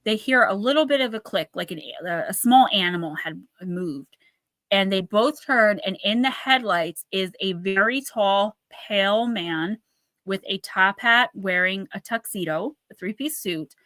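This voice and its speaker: A woman hosting a live chat show, retelling a ghost story in a lively, animated way and acting out the quoted voices. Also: medium pitch, measured pace, dry recording, clean studio sound. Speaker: host.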